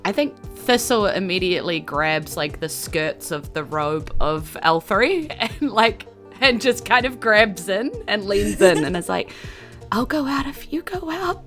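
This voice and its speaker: Lively woman player. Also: mid-range voice, a little slow, soft background music. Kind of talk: casual game chat.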